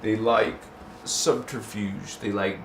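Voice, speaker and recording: A man with a lowish, gravelly yet fairly bright voice speaks slowly and steadily while hosting a casual livestream chat. He talks loosely with his audience, laughs often, and drifts into chanting made-up words. The recording sounds roomy, with a faint hiss underneath.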